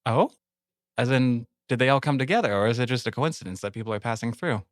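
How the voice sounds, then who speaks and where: A man's voice: medium pitch, fast talker, no room sound, studio quality. A man playing in a tabletop game, playful and teasing, laughing often. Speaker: player.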